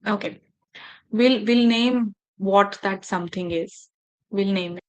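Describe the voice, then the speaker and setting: Woman workshop trainer on a video call; engaging, asks the group questions, mid pitch. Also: takes it slowly, darkish tone. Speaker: faculty development trainer. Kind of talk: online training session.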